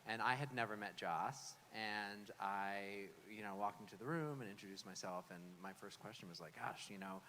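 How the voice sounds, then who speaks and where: A man with a low but bright, forceful voice tells a rambling story on a convention panel, leaning on "you know" and "um". The sound carries through a large echoey hall. Faint noise hangs in the background. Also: moderate pace, few pauses. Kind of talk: casual anecdote.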